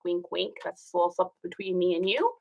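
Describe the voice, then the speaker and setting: A woman's voice: on the low side, fast talker, gravelly, muffled recording. A woman reseller chatting casually to a livestream audience, giving listing tips in a chatty, conspiratorial way. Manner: chatty, conspiratorial, with lots of fillers. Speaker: clothing reseller.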